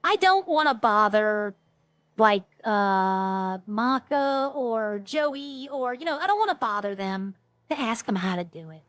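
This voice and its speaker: A woman streamer talks casually while she plays, rambling from one story to the next. Her voice sits a little high. The sound is close and dry. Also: unhurried, no room sound. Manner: rambling, chatty, animated when retelling stories. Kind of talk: casual chat while streaming a role-play game.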